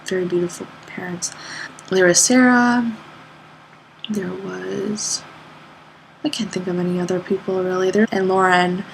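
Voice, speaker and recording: A young woman, an art student, recounting her day in a loose, rambling way, full of "like" fillers, jumping up high in pitch whenever she quotes someone. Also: level tone, a little slow, creaky, long pauses, a little hiss or hum, poor audio. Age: young adult. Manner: rambling, lots of "like" fillers, acts out quoted people with sudden high pitch jumps. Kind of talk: casual spoken recollection.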